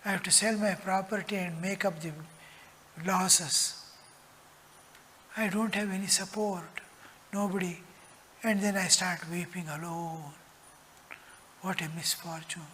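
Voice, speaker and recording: Slow earnest monk in echoing hall. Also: male voice, sits high, fairly even intonation, bright, forceful tone, slight background noise. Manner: slow, earnest, dropping to whispers. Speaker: monk teacher. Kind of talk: spiritual discourse. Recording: long hall reverb.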